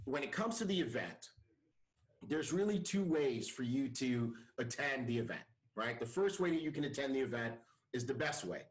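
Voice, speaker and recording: A man hosting a podcast, giving a lively pep talk with frequent repeats and restarts. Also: medium pitch, roomy sound, low-quality recording. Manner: energetic, repeats himself, pep-talk style. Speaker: podcast host. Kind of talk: casual chat.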